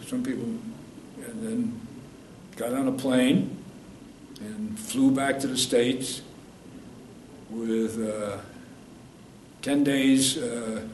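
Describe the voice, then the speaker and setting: This New York State veteran, in his eighties, has a medium-pitched, darkish voice and tells his wartime memories in a rambling way for an oral history interview, revising himself mid-sentence. The sound is roomy, captured from a distant mic with faint noise.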